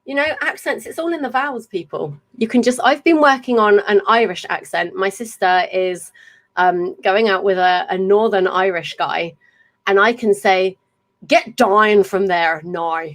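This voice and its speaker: A woman's voice: mid-range voice, normal speed, a bit bright. An English woman in her thirties hosting a podcast, talking in a chatty, effusive way with rambling stories. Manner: chatty and effusive, tumbling storyteller. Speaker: podcast host. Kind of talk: casual live chat.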